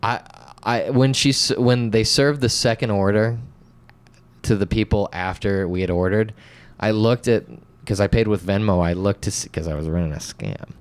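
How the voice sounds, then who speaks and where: A young man from North Carolina, a podcast co-host, telling a story in casual chat, animated and self-mocking, swearing and acting out quotes. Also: lowish voice, normal speed, clean tone.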